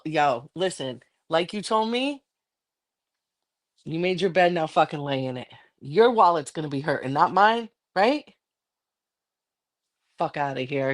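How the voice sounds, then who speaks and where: A livestreaming woman in a heated, profane, confrontational rant aimed at a rival. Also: fairly low pitch.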